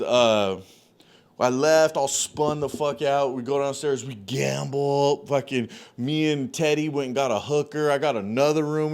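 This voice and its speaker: A man at a middle pitch tells a long story in a loose, rambling way, full of swearing and restarts. He gets loud and excited as he acts out the shouting in it. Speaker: podcast host telling a story. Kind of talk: casual storytelling.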